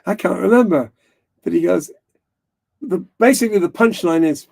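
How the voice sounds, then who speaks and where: A man's voice: high voice, lively intonation, moderate pace, gravelly, darkish tone. A man hosting a live stream, talking casually and rambling frankly, swearing now and then.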